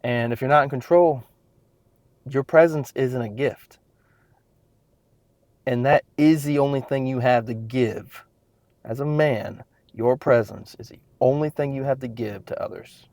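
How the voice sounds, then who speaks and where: A man's voice: medium pitch, measured pace, long pauses, a little mellow, no echo. A man in his thirties, a fitness trainer, talking intensely and bluntly to a podcast mic, swearing freely. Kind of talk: casual solo podcast monologue.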